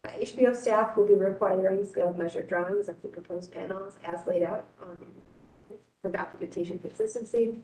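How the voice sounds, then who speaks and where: A female staff member reading out a staff report in a brisk, businesslike manner at a public meeting. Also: steady tone, warm tone. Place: council chamber. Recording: distant echoey chamber, faint rumble.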